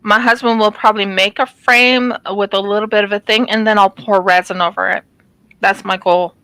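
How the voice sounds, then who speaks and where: Brief: chatty woman craft vlogger, rambling and casual, bright tone, dry close sound. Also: medium pitch, fairly even intonation, moderate pace, clean tone, no room sound, rough recording. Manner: rambling, chatty, many ums and restarts. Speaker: craft channel host. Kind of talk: casual chat while diamond painting.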